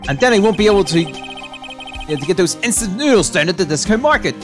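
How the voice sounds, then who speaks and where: A woman voicing a good-natured but dim male police detective in a gruff, lowered voice, with game music behind. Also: expressive, brisk, natural voice. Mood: sheepish.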